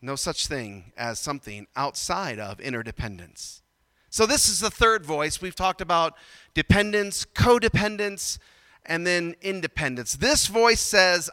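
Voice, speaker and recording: A man preaching a sermon, swinging from loud emphatic bursts to quiet low asides. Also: lively intonation, a little slow, no echo, big-room sound. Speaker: pastor.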